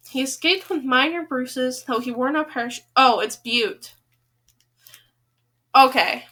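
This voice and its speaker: A woman's voice: high voice, measured pace, pauses often, sharp tone. A woman hosting a podcast, reading humorous children's poems aloud with chatty asides between them and stumbling over tongue twisters.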